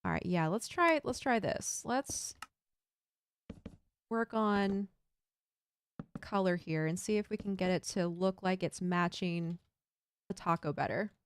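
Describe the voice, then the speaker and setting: A woman's voice: fairly low pitch, a little slow, long pauses, clear, resonant tone. A woman streaming a building game, chatting casually and thinking aloud while she builds and reads chat. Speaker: Minecraft streamer.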